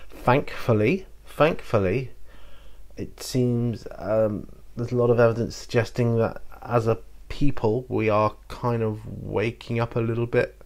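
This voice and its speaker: A man with a mid-range, darkish voice speaks unhurriedly in a steady tone as he chats to camera on his channel and responds to viewers' questions. He rambles, hesitates, and fills the gaps with fillers and restarts.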